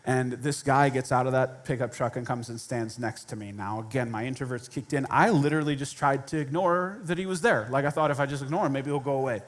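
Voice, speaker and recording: Chatty pastor telling a story. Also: male voice, a little high, a bit bright. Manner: self-deprecating, conversational, laughs at himself. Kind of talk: storytelling sermon.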